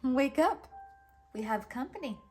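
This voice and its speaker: A woman voicing a gentle mother deer in a storybook read-aloud, soft and calm. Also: high voice, unhurried, slightly rough, faint music behind, heavily acted. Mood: tender.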